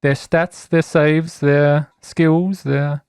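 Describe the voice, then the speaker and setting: A man running a tabletop game, reading out the rules clearly with dry asides. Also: on the high side, flat delivery, drawn-out words, a little mellow, no room sound. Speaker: game master. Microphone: podcast microphone.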